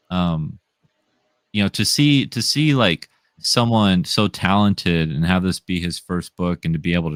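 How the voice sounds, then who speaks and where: A man's voice: low-pitched, fairly bright tone, no room sound, studio quality. A young man from the Midwest, a comic writer talking casually as a guest, full of fillers like "like" and "um". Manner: rambling with many fillers. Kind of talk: casual interview chat.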